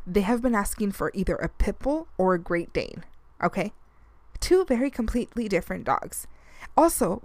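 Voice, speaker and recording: A woman's voice: medium pitch, dry recording. A woman podcast host who is also a mother, telling a story in casual chat, with lots of fillers and frequent laughs. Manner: chatty storytelling, many fillers, laughs often.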